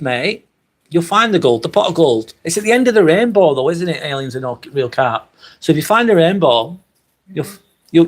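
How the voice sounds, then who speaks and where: A man's voice: fairly high pitch, a little mellow, slightly rough. Casual Lancashire man on a livestream. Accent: Lancashire, Northwest England. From Northwest England. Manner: casual, chatty, swears freely. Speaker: livestream host. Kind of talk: live stream chat reading.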